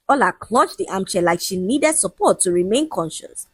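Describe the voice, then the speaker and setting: A woman narrates a dramatic folk tale, her pitch rising and falling in an animated way. Her voice is husky and slightly breathy. It is recorded close and dry, with no room sound. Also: moderate pace, dry recording. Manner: lively, expressive storytelling. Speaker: storyteller.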